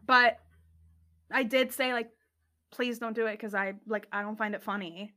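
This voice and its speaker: A young woman co-hosting a podcast, talking in an animated, blunt way and swearing when annoyed. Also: fairly high pitch, normal speed. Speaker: podcast co-host. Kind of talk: casual chat.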